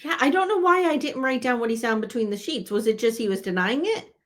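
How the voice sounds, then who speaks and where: A woman podcast guest in casual recap chat, relaxed and often murmuring agreement. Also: fairly high pitch, fast talker.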